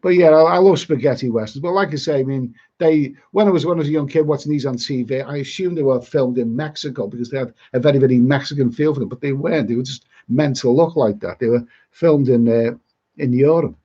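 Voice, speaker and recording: He's a middle-aged travel vlogger from Liverpool, chatting fast on a live stream in a mid-range, dark, slightly rough voice. He rambles, repeats himself, and comes through dull lo-fi audio.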